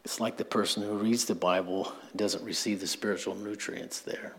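A male pastor delivers a sermon in a loose, conversational way, breaking off for asides and small chuckles. His voice sits on the low side with a husky edge. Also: normal speed, hardly any pauses.

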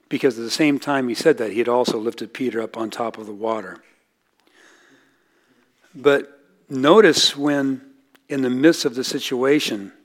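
A middle-aged man preaching a sermon, telling stories earnestly, rising for quoted lines and dropping low and soft at key points. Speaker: pastor.

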